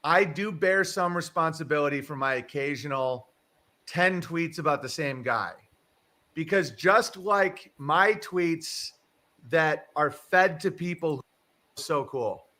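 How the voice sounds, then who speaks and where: A man's voice: on the high side, takes it slowly, pushed and bright. A man hosting a casual livestream, rambling through a story, chuckling and swearing casually. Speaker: livestream host. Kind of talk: casual chat.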